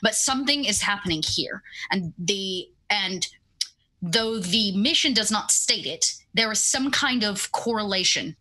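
Female game master, bright tone, loose unhurried narration with filler words. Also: medium pitch. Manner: relaxed, many fillers, shifting pace.

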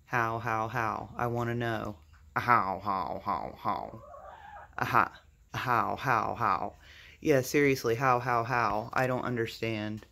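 A homestead vlogger talks to viewers outdoors by a backyard coop. The vlogger is chatty and excitable, keeps saying "you guys", laughs often, and sounds flustered and jittery. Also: medium pitch, slow pace, gravelly. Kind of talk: casual vlog narration to camera.

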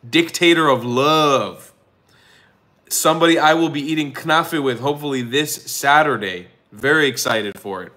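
Bright, brash male livestream host. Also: a little high, normal speed, poor audio. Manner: loud, joking hype-man delivery with swearing. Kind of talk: casual livestream chat. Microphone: phone hotspot livestream.

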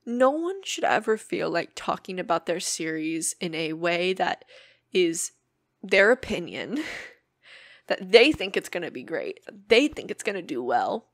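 A woman's voice: on the low side, big pitch swings, a little slow, no echo, clean studio sound. A woman hosting her own podcast, talking earnestly and emotionally in a personal monologue and swearing freely. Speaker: podcast host.

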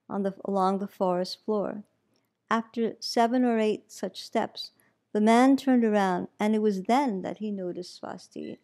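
A woman meditation teacher reading a story aloud in a calm, measured way. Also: medium pitch.

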